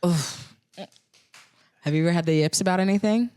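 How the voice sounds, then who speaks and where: A young woman co-hosting a casual podcast, playful and quick to laugh. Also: fairly low pitch, smooth. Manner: playful, giggly, animated. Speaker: podcast co-host.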